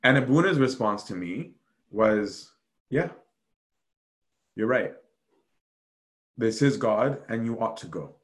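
A man of medium pitch speaks slowly, leaving long pauses, as he tells stories about a monastery in an easygoing way. His delivery is animated, he acts out quoted voices, and he uses fillers frequently.

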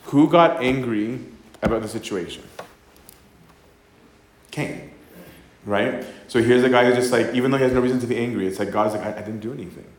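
In a talk given in an echoey room, this priest reads scripture and unpacks it in a relaxed, chatty way. His mid-range voice moves at a moderate pace with frequent pauses. He acts out voices and keeps ending lines with "right?".

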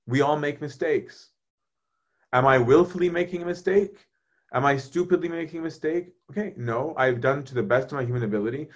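A man, a priest, talking casually about faith and answering viewers' questions in a conversational, animated way. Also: medium pitch, normal speed, lo-fi sound. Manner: conversational, animated, often asks "right?".

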